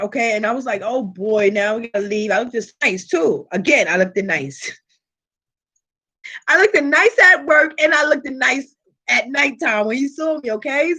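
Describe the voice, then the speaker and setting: High-voiced woman, vlog host, animated profane storyteller, keeps checking in with viewers. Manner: frequent rhetorical check-ins to viewers. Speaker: tarot reader and channel host.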